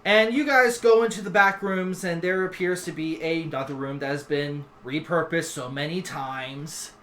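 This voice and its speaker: A man's voice: on the high side, normal speed, a bit bright. A man narrating as game master in a tabletop game, in a casual, filler-laden way.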